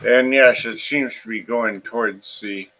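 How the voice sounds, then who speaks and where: A man running a tabletop game as game master, narrating the scene in an unhurried way with frequent fillers. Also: medium pitch, steady tone, a bit bright, rough recording.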